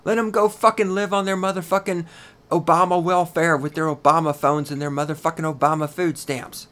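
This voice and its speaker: A man's voice: little pitch movement, a little fast. Man, podcast host, solo rant, constant swearing, heated delivery. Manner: profane, ranting, heavy swearing; loud and heated, then lower and grumbling.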